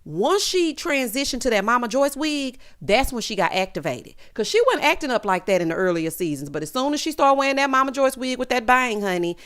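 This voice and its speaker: A woman's voice: high-pitched, animated, a little fast, few pauses, a bit bright. A woman hosting a casual reality TV recap, telling it with sassy, dramatic flair and lots of 'honey' and 'child'.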